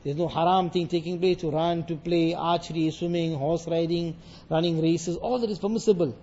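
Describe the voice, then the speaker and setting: A man giving a sermon on a Quran passage, reciting verses and explaining them with lively acted dialogue. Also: a little high, normal speed, highs cut off. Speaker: Islamic scholar teaching Quran commentary.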